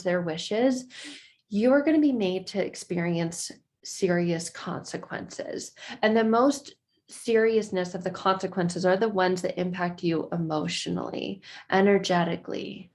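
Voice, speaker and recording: A woman speaking earnestly to camera in an advice video, now and then acting out quick quoted exchanges. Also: lowish voice, darkish tone. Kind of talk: talking-head advice video.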